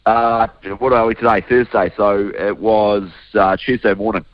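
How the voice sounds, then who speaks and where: Male NZ politician, 30s, very low and croaky, earnest, on a dull remote line. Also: steady tone, moderate pace, no room sound. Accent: New Zealand. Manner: earnest, restarts sentences, leans on "look". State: hoarse, croaky from illness. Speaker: politician guest. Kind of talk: radio interview answers.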